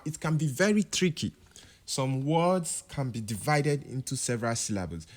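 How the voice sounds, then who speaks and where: A man teaching a piano lesson, explaining chords and now and then singing example words to show rising and falling pitch. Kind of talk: music tutorial.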